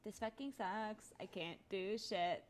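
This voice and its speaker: A woman's voice: medium pitch, unhurried. A woman playing a tabletop game, blunt and joking, who swears freely. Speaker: player. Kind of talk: casual chat.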